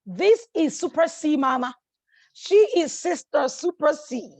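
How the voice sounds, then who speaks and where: Woman, high voice, motivational coach, energetic, encouraging, repeats for emphasis, dry close sound. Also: measured pace, dry recording. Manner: energetic, encouraging, keeps checking in with the audience. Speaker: life coach hosting a masterclass. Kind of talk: motivational teaching talk.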